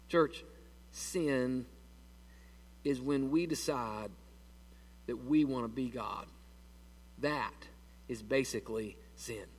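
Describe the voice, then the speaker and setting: A man's voice: fairly high pitch, normal speed, fairly bright tone, far from the mic. A man preaching a sermon in a church in a folksy, conversational way and asking the congregation questions. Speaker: pastor.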